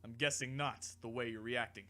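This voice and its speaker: A man voicing a calm, dry, teasing alien warrior in a fan audiobook reading, unhurried and mocking. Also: mid-range voice, natural voice.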